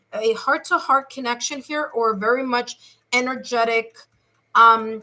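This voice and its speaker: A woman's voice: fairly high pitch, pushed and bright. A woman giving a live tarot reading to her viewers, chatty, often asking "okay?" and stretching out key words. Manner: chatty, repeats "okay?" and "here's the thing"; speaks to viewers directly, slows to stress key words. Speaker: tarot reader.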